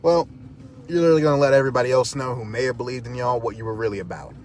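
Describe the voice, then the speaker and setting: A protest activist speaks directly to camera in a fiery, defiant, impassioned talk, hammering his points home through repetition. His mid-range voice races, with faint music in the background.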